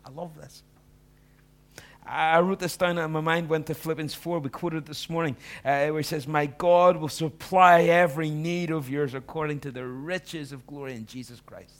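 A man preaching a sermon, acting out the disciples and moving between hushed lines and loud ones. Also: a little high, normal speed. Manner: animated, acts out the disciples' voices, swings from hushed to loud. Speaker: pastor.

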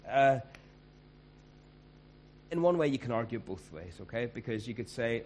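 A man's voice: mid-range voice, lively intonation, a little slow, long pauses, a little hiss or hum. A man preaching a sermon as pastor, conversational and emphatic.

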